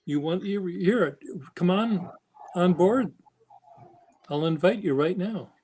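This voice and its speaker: A man's voice: high voice, takes it slowly, a little mellow, slightly rough, low-quality recording. A man hosting a live chat stream, talking in a rambling, playful, teasing way. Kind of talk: casual livestream chat.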